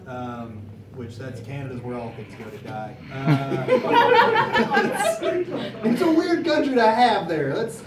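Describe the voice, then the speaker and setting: A young man moderating a convention panel, telling a casual anecdote with frequent laughter. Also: a little high. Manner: animated storyteller, laughing often. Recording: echoey room, distant mic, background noise.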